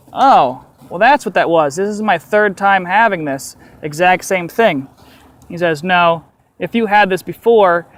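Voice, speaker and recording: Candid man telling a walk-and-talk story. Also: fairly high pitch. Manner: candid, animated, swears casually. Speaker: vlogger.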